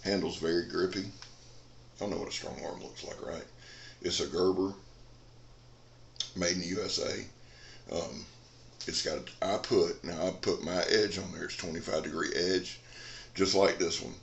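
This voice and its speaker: Low gravelly man in an echoey room. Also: steady tone, measured pace, pauses often, lo-fi sound, slight background noise. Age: 40s. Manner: rambling, folksy, digresses. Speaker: knife reviewer. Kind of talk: casual chat. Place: dim indoor room.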